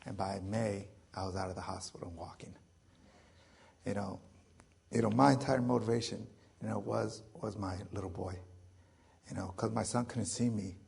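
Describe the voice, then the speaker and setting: A veteran speaker, a man in his forties with a deeply gravelly, rough voice, tells an audience his own story in a candid rather than rehearsed way. He speaks a bit low, loosely and jokingly, at a moderate pace, with fairly even intonation, a slightly mellow sound, and plenty of fillers between thoughts.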